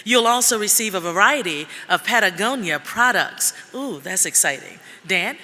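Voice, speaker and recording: A woman's voice: mid-range voice, expressive, moderate pace, sharp tone. A woman emcee at a gala reading out auction items with chatty joking asides. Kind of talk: reading item descriptions with asides. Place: gala event hall. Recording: long reverb of a big hall.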